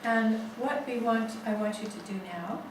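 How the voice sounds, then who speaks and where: A woman leading a family constellation seminar, telling a case story slowly with many restarts. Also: a little high, background noise. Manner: slow, halting storytelling with restarts. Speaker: seminar facilitator. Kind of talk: guiding a family constellation exercise. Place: seminar room. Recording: echoey room, far from mic.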